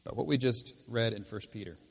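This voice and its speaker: A male pastor delivers a sermon in a church, his voice sitting low with a husky edge. He swings from loud, emphatic lines down to quiet, intense ones. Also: a little fast. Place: church with speakers.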